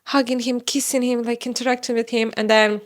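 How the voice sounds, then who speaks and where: Russian-speaking woman telling her story. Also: fairly quick. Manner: animated, with sudden high exclamations and laughs. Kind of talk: casual storytelling.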